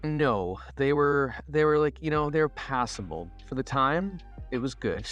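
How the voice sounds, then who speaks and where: A man co-hosting a casual hobby podcast, talking with gushing enthusiasm and quick laughs. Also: medium pitch, expressive, a bit bright, lo-fi sound, soft background music. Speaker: podcast co-host.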